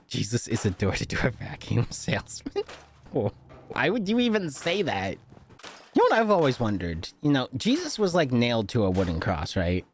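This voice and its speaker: Young guy streaming live, very lively pitch swings, joking and swearing, laughs easily. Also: unhurried, long pauses, a little hiss or hum. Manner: joking, rambling, swears often, laughs a lot. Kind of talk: casual live-stream chat.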